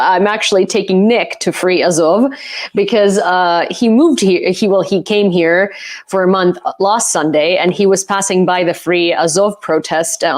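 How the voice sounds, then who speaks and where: A woman's voice: on the low side, a little mellow. A woman from Ukraine, a native Ukrainian speaker, hosting a live stream from home in casual chat, teasing her guest and laughing often. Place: home, on a couch.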